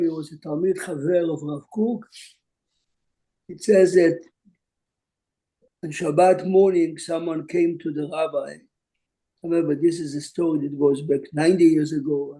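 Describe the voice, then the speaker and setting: Older man, rabbi from Jerusalem, high voice, very bright and sharp tone, storytelling lesson. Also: low-quality recording. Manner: storytelling, mixes Hebrew terms into English. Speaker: rabbi teaching a class. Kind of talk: online Torah class.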